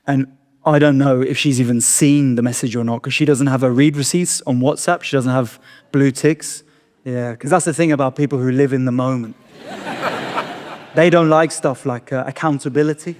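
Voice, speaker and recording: A man's voice: mid-range voice, steady tone, normal speed, noisy background. A man in his thirties, a stand-up comedian telling a self-deprecating story on stage and acting out his own thoughts. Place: live comedy venue. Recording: long reverb of a performance hall.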